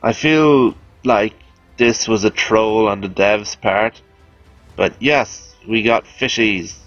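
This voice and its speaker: A man's voice: lowish voice, slow pace, a bit bright, dry recording, lo-fi sound, soft background music. A man giving casual, chatty, self-amused commentary over a video game as he explains weapons. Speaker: game guide host.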